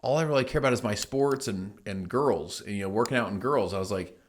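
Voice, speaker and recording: A middle-aged man with a lowish voice gives a motivational talk on his own show. He tells his story with emphasis and slips into the voices of the people he quotes. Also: brisk. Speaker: host. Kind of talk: motivational monologue.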